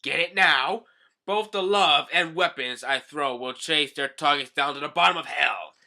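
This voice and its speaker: A man's voice: on the high side, moderate pace, vocal fry, sharp tone, heavily acted. A man doing a gloating creepy pirate.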